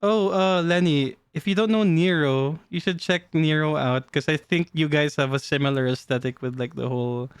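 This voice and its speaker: A playful male streamer with a smooth, resonant voice that sits a little high. He chats loosely with his viewers and laughs often. The sound is close and dry, with no room around it. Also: moderate pace, hardly any pauses, no room sound. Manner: playful, giggly, talks to chat. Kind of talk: casual live-stream chat. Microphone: desk mic.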